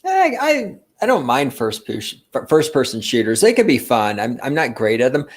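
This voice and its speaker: A man's voice: medium pitch, huge pitch swings, normal speed. A man with a Texan accent co-hosting a casual podcast, talking in an easygoing, hesitant way with frequent restarts. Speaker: podcast co-host.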